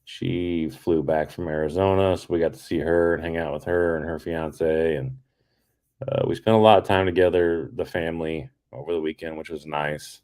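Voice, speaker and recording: Very deep-voiced man chatting casually. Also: normal speed, smooth. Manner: relaxed, rambling with restarts. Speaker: podcast co-host. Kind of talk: casual chat.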